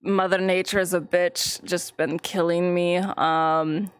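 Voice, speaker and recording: A woman's voice: fairly low pitch, flat delivery, takes it slowly, clear, resonant tone, no room sound. A young woman streamer in casual live-stream chat, rambling, giggling often and swearing freely.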